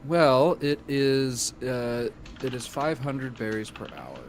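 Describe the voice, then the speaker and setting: A man playing a brisk, polite desk clerk. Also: medium pitch, creaky, a little hiss or hum. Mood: courteous. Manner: brisk, courteous.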